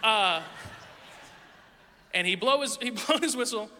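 A middle-aged male pastor preaches in a loose, conversational way, telling candid stories that poke fun at himself. His voice sits high and rings bright and forceful. The sound carries the long reverb of a large church hall. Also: a little slow, a little hiss or hum. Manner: candid, self-deprecating, lively anecdotes. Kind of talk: conversational sermon storytelling. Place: church sanctuary.

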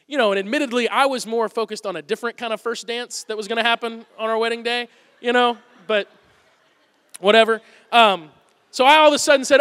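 A man with a very high, bright voice preaching a humorous sermon to his congregation. He tells self-deprecating stories in a loose, conversational way, and his voice rings out through a large hall with long reverb. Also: brisk, clean tone. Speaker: pastor.

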